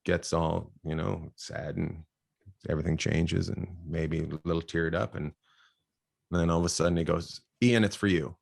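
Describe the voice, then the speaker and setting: A man's voice: low voice, flat delivery, moderate pace, gravelly, a little mellow, no echo, clean studio sound. A man from Canada, a comedian guest telling rambling stories and laughing often in a casual podcast chat.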